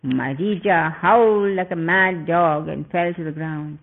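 A man narrating an epic tale in a measured, earnest way. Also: fairly high pitch, gravelly. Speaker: storyteller. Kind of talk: scripted narration. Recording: tinny phone-like sound.

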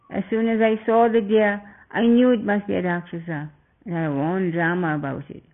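A man voicing a calm, steady young warrior who reasons and reassures. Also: sits high, vocal fry, exaggerated voice. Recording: tinny phone-like sound.

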